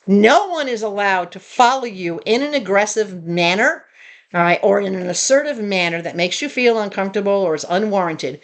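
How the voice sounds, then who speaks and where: A woman vlogger telling a story casually to her viewers, in an animated, indignant way. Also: medium pitch. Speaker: tiny home vlogger.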